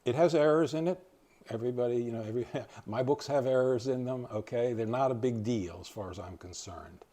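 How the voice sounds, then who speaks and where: A man's voice: mid-range voice, a little fast, warm tone. An older man from East Tennessee giving an informal library talk, rambling and hesitant with many fillers and restarts. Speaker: library lecturer.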